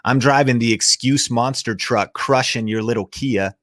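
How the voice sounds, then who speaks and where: A man's voice: mid-range voice, normal speed, a bit bright. A man hosting a motivational live show, talking in a punchy, fired-up, slangy way. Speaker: show host. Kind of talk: motivational livestream talk.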